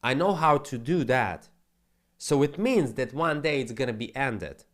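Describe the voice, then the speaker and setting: Fast-talking male trading streamer from Ukraine, animated, mid-pitched, English. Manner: fast, animated, non-native grammar. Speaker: trading channel host. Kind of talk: live stream market commentary.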